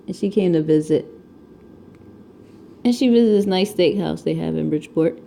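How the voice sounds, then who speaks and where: A woman around thirty from Connecticut, speaking with a Connecticut accent, chats casually while diamond painting at home for her crafting vlog, rambling and laughing often. The camera mic catches her fairly low, creaky, dark voice at normal speed, with slight background noise.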